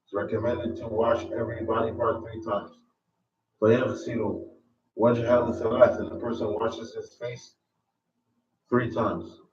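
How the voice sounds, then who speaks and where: A man with a lowish voice speaks steadily and unhurriedly as an Islamic studies teacher, reading lines of a religious text in Arabic and then explaining them in English with frequent hesitations. The recording is distant, echoey, dull and noisy, with crowd noise.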